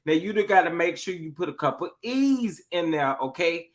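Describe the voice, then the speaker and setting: A man's voice: a little high, expressive, normal speed. A young man, a little tipsy and sassy, hosting a casual live stream, repeating his phrases with a drawl and greeting viewers in the chat. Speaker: livestream host.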